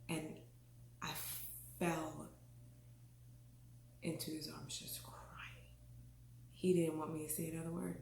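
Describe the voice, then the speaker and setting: A woman's voice: low-pitched, level tone, unhurried, gravelly, long pauses, a little mellow, a little hiss or hum. A woman from the Caribbean telling her own story frankly and expressively, laughing often and acting out what people said. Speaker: vlogger. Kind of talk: candid personal storytelling. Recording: echoey room.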